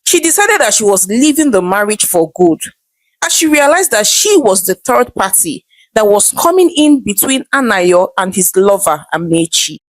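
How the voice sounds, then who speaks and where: A woman's voice: mid-range voice, big pitch swings, normal speed, no room sound. A woman narrating a scripted folktale in a dramatic storytelling manner.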